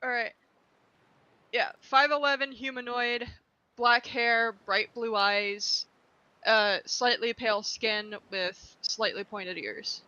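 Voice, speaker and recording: A woman playing at a tabletop game over an online call, answering in a slow, relaxed way. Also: fairly high pitch, clean tone. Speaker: player. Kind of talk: casual chat at a game table. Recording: dull, dry online call audio.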